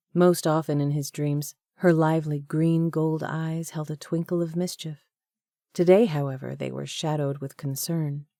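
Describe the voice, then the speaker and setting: Brief: woman reading a romance novel aloud, warm dark tone, even pace. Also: low-pitched, dry recording, studio quality. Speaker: audiobook narrator. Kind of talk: scripted audiobook narration.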